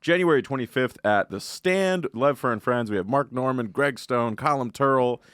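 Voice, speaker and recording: A man's voice: mid-range voice, fairly bright tone, no echo. A man hosting a comedy podcast in a studio, teasing his guests and running through plugs in casual chat. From United States. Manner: teasing, joking, plugs tour dates quickly. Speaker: podcast host. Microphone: podcast studio mic.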